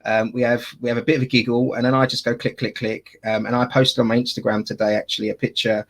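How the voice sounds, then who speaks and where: A man's voice: mid-range voice, little pitch movement, fast talker. A man with an Essex accent, chatting casually as a wedding photographer and podcast co-host, jokey and full of fillers and restarts. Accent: Essex English.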